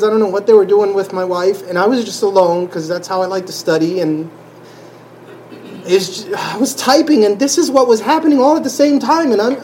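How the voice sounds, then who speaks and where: A man sharing a personal faith testimony in an emotional, halting way, often restarting his sentences and sighing. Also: high voice, darkish tone, a little hiss or hum, low-quality recording. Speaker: church member sharing testimony.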